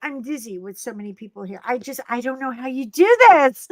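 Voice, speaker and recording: A woman guest chatting casually, her voice notably high. She tells animated stories and acts out what others said. The sound is dry and close. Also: brisk, dry recording. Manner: animated storyteller, acts out quotes. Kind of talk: casual chat.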